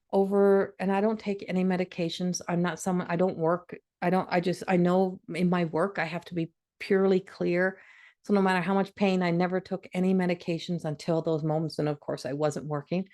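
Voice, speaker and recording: A woman's voice: on the low side, warm tone. A middle-aged woman hosting a podcast, telling a personal story in an emotional, conversational way with frequent restarts. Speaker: podcast host.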